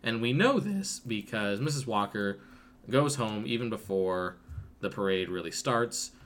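A podcast co-host casually recaps a film for a friend, rambling with plenty of fillers and profanity while acting out quotes. He speaks in a fairly low, expressive voice at an unhurried pace.

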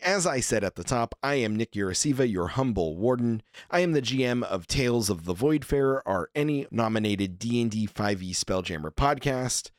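A man hosts and runs a tabletop roleplaying podcast, reading out the cast and credits. His delivery is upbeat, and his pitch rises and falls freely. The recording is dry, with no room sound. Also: no echo. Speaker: game master and podcast host.

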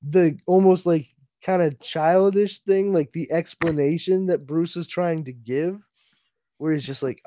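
A man's voice: on the high side, a little slow, warm tone, dry recording, clean studio sound. A man co-hosting a podcast, recapping a comic book in a casual, laughing way with many fillers. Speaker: podcast co-host.

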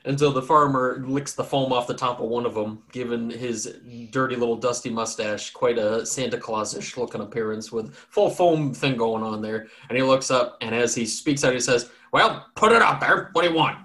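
A man's voice: medium pitch, steady tone, normal speed, hardly any pauses, a bit bright. A man narrating a tabletop game as game master in a casual, rambling way, often laughing.

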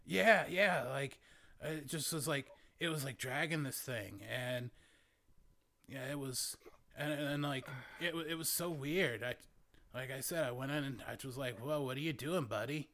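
A man's voice: medium pitch, fairly bright tone. A man voicing a laid-back young male druid hermit who rambles and hesitates, full of "like" and "man". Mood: rambling. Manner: rambling, halting, lots of "like" and "man". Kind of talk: in-character tabletop role-play.

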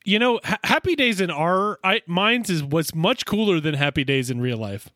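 A man co-hosting a podcast, chatting about a TV episode with quick, animated reactions and easy laughter. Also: high-pitched, dry recording, studio quality. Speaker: podcast co-host. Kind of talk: casual episode recap chat.

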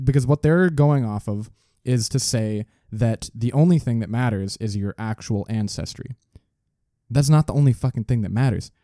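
A man co-hosts a loose podcast chat, ranting and swearing with frequent laughs. His voice sits very dark and mellow. The recording is dry, with no room sound. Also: lowish voice, no echo. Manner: profane, ranting, laughs often. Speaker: podcast co-host.

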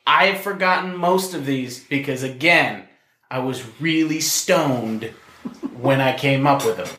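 A man's voice: medium pitch, a little slow, pushed and bright, echoey room. A man hosting a casual podcast, running a quiz game in a playful, joking way. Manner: playful, laughing at his own ideas. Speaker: podcast host.

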